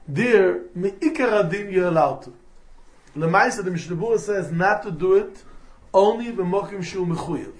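A man's voice: sits high, expressive, normal speed. A man teaching a Torah lesson, explaining point by point and mixing in Hebrew and terms. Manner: mixes English with Hebrew and Yiddish terms, explanatory. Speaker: rabbi teaching halacha. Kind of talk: Torah lecture.

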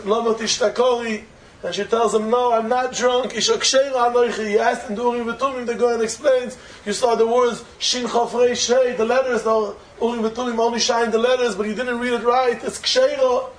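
A man's voice: very high-pitched, fairly even intonation, normal speed, slight background noise, poor audio. A man giving a storytelling Torah lecture who explains as he goes, repeats key phrases and asks rhetorical questions. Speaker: Torah teacher.

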